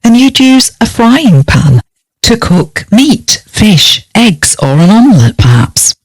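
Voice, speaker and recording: A woman teaching vocabulary in a lesson, speaking clearly and spelling words out letter by letter. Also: medium pitch, sing-song, slow, no echo. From United Kingdom. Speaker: English teacher.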